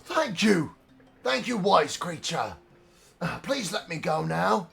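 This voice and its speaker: A man's voice: high-pitched, big pitch swings, takes it slowly, vocal fry, fairly bright tone, husky, soft background music, voice pushed up, exaggerated voice. A man voicing a cowardly, drunken male gambler who whines, stammers and begs. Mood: whining. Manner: whining, stammering, begging.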